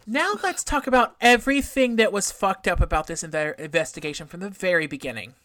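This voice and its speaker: Podcast co-host, woman, low voice, dry sound, casual true crime recap. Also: expressive, brisk, fairly bright tone, no echo. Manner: explains a case from notes, casual swearing.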